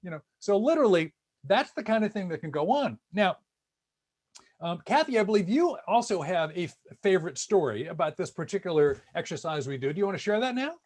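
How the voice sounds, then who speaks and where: A man with a rather high voice gives an online talk. He tells stories with energy and slips into the voices of the people he quotes. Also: a little fast. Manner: animated storyteller acting out quoted voices. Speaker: speaker. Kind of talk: lecture-style talk.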